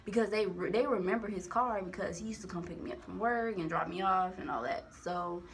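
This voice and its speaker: A young woman rambles candidly into her phone camera, telling a personal story full of profanity and slang. Her mid-range voice moves fairly quickly in this casual storytime monologue.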